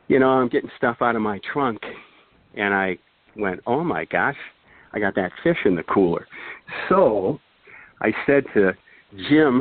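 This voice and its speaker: A man's voice: lowish voice, dry recording. A man, a podcast guest, telling a long anecdote in a casual, rambling way, chuckling and throwing in asides. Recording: thin phone-like sound, dry.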